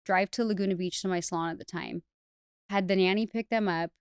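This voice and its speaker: A hairstylist educator appears as a podcast guest, candidly and chattily telling her personal story with lots of "like" fillers and restarts. Her mid-range voice is clear and resonant, with fairly even intonation and a fairly quick pace. The dry recording has clean studio sound.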